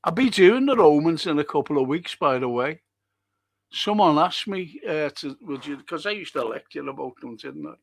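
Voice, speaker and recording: An older man, chatting warmly to his livestream audience as he greets viewers and answers their comments. His voice sits a touch high for a man, with a gravelly edge, and he talks at a slow, unhurried pace. The recording is dry and close, with no room sound. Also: lively intonation, dry recording. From Liverpool, England. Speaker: livestream host and historian. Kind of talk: casual livestream chat.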